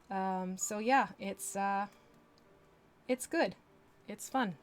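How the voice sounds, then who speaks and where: A woman's voice: medium pitch, takes it slowly, pauses often. A woman chatting casually on a live stream while she paints miniatures, rambling and correcting herself as she goes.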